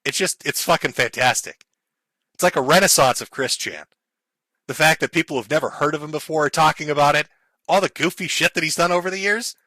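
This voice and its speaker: A man's voice: a little high, a little fast, bright, forceful tone, dry recording. A man ranting and mocking on a live stream, swearing and sarcastic.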